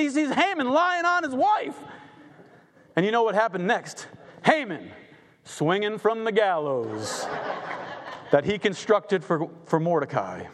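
A man telling a Bible story as a preacher, dramatic and conversational, acting out the characters. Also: on the high side. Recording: long hall reverb.

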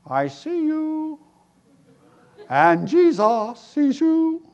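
Picture a small, watchful parrot that drags out every word in a high, eerie squawk, as a male preacher puts it on. Its tone is slow and unnerving. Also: sing-song, a little mellow, muffled recording, exaggerated voice.

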